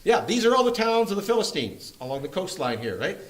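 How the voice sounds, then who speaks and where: A man's voice: high voice, big pitch swings, quick pace, fairly bright tone, poor audio. A man leading a Bible study group, teaching from a map in a playful, joking way. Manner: jokey and playful, often laughing. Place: church meeting room.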